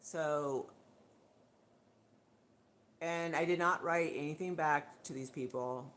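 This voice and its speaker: A woman's voice: deep voice, slow, fairly bright tone. A woman hosting a livestream and speaking straight to her camera in a blunt, indignant rant, often repeating her points. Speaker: livestream host. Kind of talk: casual live rant to camera. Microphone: camera mic.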